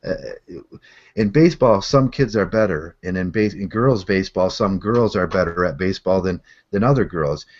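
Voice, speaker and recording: A man with a low, deep voice hosts a loose group conversation over an online call, wandering through his points with plenty of "uh"s and restarts. The sound is a bit muffled and dull. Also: moderate pace, darkish tone. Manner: rambling, many fillers and restarts. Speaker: show host. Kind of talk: casual chat. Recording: slightly muffled call audio.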